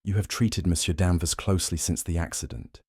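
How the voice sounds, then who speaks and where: A man voicing a shrewd, fastidious Belgian detective who talks in a courteous, probing way and slips in French phrases. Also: deep voice, a little mellow, husky, no echo, clean studio sound.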